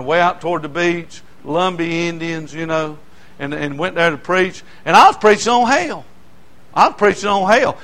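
High-voiced preacher telling folksy stories. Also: male voice. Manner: animated, folksy, breaks into shouts and laughter. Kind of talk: sermon storytelling.

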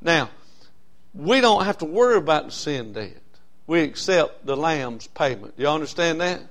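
A man preaching a sermon in a folksy way, swinging between loud stressed words and soft drawn-out phrases. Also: a little high, sing-song. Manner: folksy, with frequent uh fillers. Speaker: pastor.

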